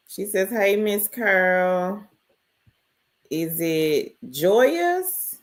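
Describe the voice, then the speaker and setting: A woman's voice: fairly low pitch, expressive, takes it slowly. A woman hosting a casual live stream, greeting viewers by name and reading their chat messages aloud. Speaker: livestream host.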